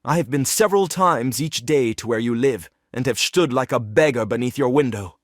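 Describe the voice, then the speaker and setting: A man's voice: medium pitch, normal speed, no echo, studio quality, close to an everyday voice. A man reading the role of a despairing, lovesick young writer in a play reading, earnest and pleading. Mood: yearning.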